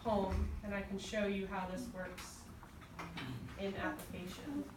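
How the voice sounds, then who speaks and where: A woman's voice: mid-range voice, steady tone, measured pace. A woman teaching a class, patiently repeating things and sounding out syllable stress. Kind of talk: classroom instruction. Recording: echoey classroom, voice from far off, background noise.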